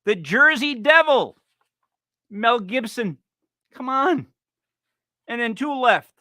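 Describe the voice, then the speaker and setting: A man's voice: extremely high pitch, lively intonation, slow pace, sharp tone, dry recording, clean studio sound. A man co-hosting a podcast in playful comedic chat, joking through a list with punchy delivery. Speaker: podcast co-host.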